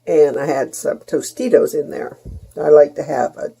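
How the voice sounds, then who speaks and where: A woman's voice: deep voice, normal speed, creaky, warm tone, slightly rough. A middle-aged woman, chatting casually in her kitchen as a home cooking vlogger and rambling in homey asides to her viewers.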